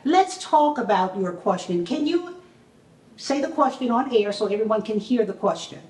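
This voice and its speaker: A woman's voice: a little high, expressive, moderate pace, darkish tone. A woman hosting her own talk show, upbeat and thankful, with a touch of preacherly fervor. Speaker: host. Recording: echoey room, distant mic.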